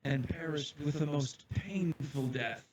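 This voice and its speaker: A man voicing a grave male headmaster who gives a solemn, measured address to his students, recorded from a distance in an echoey room with faint ambience. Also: fairly high pitch, highs cut off, very noisy, pitched above the performer's own voice, close to an everyday voice.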